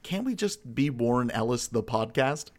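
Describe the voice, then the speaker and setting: A man's voice: medium pitch, very animated, normal speed, a little mellow. Jokey guy cohosting a podcast, goofy banter, stumbles and restarts a lot. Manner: playful, jokey, stammering restarts. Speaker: podcast co-host. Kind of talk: casual podcast chat.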